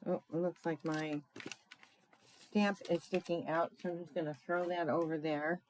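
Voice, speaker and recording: A woman's voice: low voice, fairly even intonation, moderate pace, a little mellow, slight background noise, poor audio. A woman giving a casual live craft demonstration, chatty and thinking aloud, talking to her viewers with fillers and asides.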